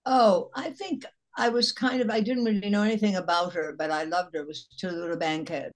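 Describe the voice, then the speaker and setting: An older woman actress with a husky voice, telling animated anecdotes as an interview guest. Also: medium pitch, fairly quick. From Chicago area. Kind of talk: casual interview chat.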